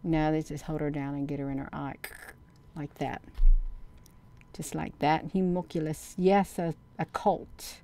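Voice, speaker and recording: A woman with a deep, mellow voice runs a casual livestream, responding to viewer comments as she rambles along. She's folksy, calling people "you all" and "honey," and speaks a little slowly with fairly even intonation.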